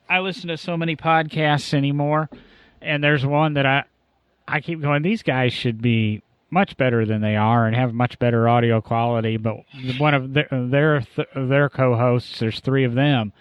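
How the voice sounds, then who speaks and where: A man's voice: mid-range voice, little pitch movement, moderate pace, clear, resonant tone, dry recording, lo-fi sound. A man hosting a casual car podcast, talking in a rambling, easygoing way with frequent self-corrections. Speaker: podcast host.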